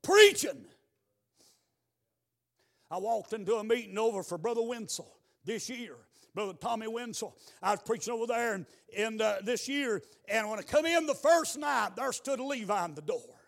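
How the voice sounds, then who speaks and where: A man preaching a revival sermon in a church, moving between quiet storytelling and shouted exhortation. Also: sits high, normal speed, creaky. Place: church building.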